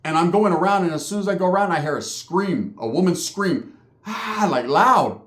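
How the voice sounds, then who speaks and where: A man from California tells a story casually, full of cursing and street slang. His voice sits a little high. The recording has a roomy echo. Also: a little fast. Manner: profane, slangy, animated storytelling.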